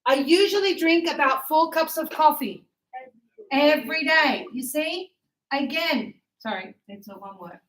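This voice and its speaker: Woman, English teacher, high voice, patient and encouraging, classroom lesson, roomy echo. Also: lively intonation, unhurried, fairly bright tone. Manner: patient, encouraging explaining with examples. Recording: echoey classroom sound.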